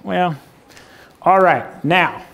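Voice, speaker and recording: Man, preacher, high-pitched voice, folksy and joking, questions for the congregation, object-lesson sermon. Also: lively intonation, very slow, creaky, a bit bright. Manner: folksy, humorous, asks the crowd questions. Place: church stage before a congregation.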